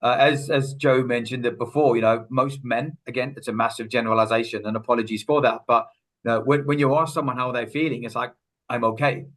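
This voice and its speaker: A man's voice: medium pitch, fairly even intonation, quick pace, fairly bright tone, poor audio. A man, a wellbeing officer, speaking in an earnest, anecdotal way in a podcast interview and briefly acting out what people say. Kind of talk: casual interview chat.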